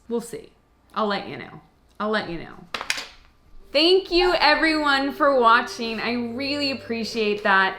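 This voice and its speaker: A bright, ringing woman's voice, talking frankly and joking with her viewers as she works through their comments. She laughs easily and keeps it loose and candid. The room around her is echoey. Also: medium pitch. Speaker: actress answering viewer comments. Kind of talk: casual chat to camera.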